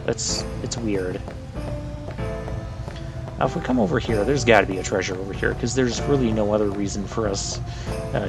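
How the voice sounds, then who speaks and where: A man giving casual gameplay commentary, chatty and wry with a lightly sarcastic edge. His voice has a gravelly fry, sitting at an average pitch. Clear game music plays behind him. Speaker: let's play host.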